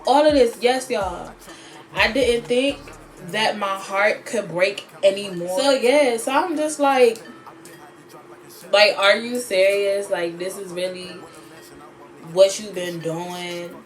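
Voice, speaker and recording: A woman vlogger telling a personal story in a chatty, animated way, with sassy asides. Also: medium pitch, slow, faint music behind. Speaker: beauty vlogger. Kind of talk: storytime vlog.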